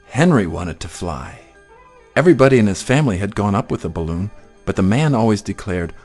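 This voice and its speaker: A man reading a children's picture book aloud in an expressive, sing-song storytelling manner. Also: lowish voice, fairly quick, faint music behind.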